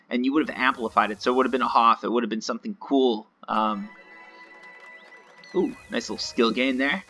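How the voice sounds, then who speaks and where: A man's voice: medium pitch, sharp tone. A man giving casual, rambling, self-mocking commentary while playing a video game. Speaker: gaming video host.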